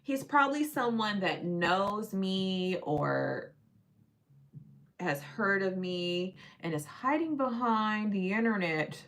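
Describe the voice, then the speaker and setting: A woman hosting a casual livestream, talking in an animated, sassy, teasing way. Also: mid-range voice. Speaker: livestream host.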